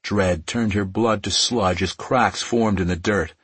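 A man reading romance fiction aloud as an audiobook narrator, in a measured, softly emotive way. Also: lowish voice, fairly even intonation, breathy edge, dry recording.

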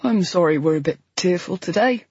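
A male doctor talks softly and soothingly, pitying and a touch patronizing, as a woman narrator puts him on. The audiobook sound is dry and somewhat dull. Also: lowish voice, animated, brisk, husky, no room sound. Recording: dull, slightly lo-fi dry recording.

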